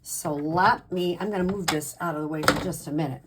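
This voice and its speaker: A woman's voice: deep voice, fairly quick, noisy background. A woman giving a casual craft tutorial as a demonstrator, chatty, with frequent ums and self-corrections.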